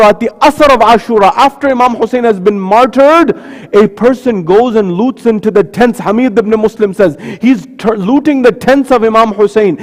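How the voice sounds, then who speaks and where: High-voiced man preaching in a reverberant hall. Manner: slows and drops low for quoted lines, rises to a high lament at the climax. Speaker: speaker at a mosque majlis. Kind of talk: sermon with mournful recitation. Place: large mosque hall.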